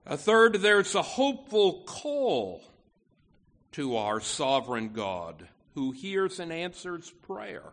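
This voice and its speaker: A pastor delivers a sermon in an earnest, emphatic way, circling back over his words as he builds a point. His voice sits a little high and swings widely in pitch. He speaks slowly and deliberately. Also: wildly swooping pitch, a bit bright. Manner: earnest, emphatic preaching with frequent restarts.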